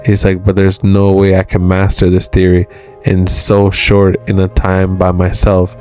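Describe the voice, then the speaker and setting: Man, low voice, monotone, casual manga recap host, "he's like" narration, faint music behind. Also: unhurried. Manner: narrates dialogue with constant "he's like". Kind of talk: casual retelling of a manga chapter.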